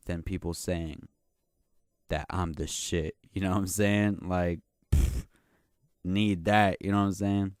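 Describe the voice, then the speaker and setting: A man's voice: low-pitched, steady tone, slow pace, pauses often, darkish tone, clean tone, no room sound, clean studio sound. A young man hosting his own podcast, telling a story in a slangy, profane, boastful way that rambles and keeps circling back to "you know what I'm saying.". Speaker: podcast host. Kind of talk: casual solo podcast rant.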